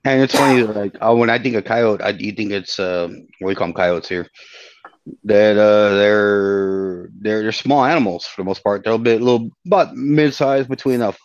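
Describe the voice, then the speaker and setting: A man's voice: lowish voice, moderate pace. A man in a casual chat, talking hesitantly and searching for words. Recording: dull, dry lo-fi sound.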